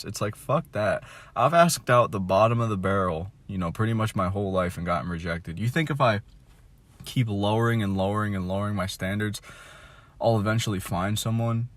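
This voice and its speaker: A dejected young man venting in a candid monologue, mumbling and swearing, trailing off into quiet asides. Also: fairly quick, no echo. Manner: mumbling, trailing off, heavy swearing, mocks others in a high voice.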